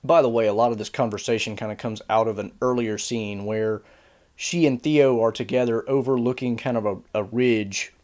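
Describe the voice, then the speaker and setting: A man reviewing a fantasy series casually on video, animated and exasperated, with sarcastic asides. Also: mid-range voice, moderate pace.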